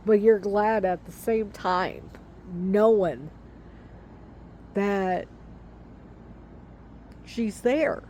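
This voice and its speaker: Slow-spoken, hesitant woman talking outdoors. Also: medium pitch, mellow, slight background noise. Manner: slow, hesitant, many ums and likes. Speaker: vlogger. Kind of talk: casual storytelling to camera.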